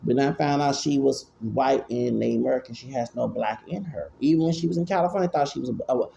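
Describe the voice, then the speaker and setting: Gravelly man in his forties. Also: medium pitch, fast talker, dark tone, lo-fi sound, a little hiss or hum. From Houston, Texas. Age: 40s. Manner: rambling, repeats himself, stammers. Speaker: vlogger. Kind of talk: casual commentary.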